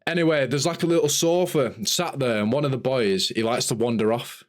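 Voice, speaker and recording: A young man telling an animated, sweary story in a casual podcast chat. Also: medium pitch, fairly quick. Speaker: podcast host.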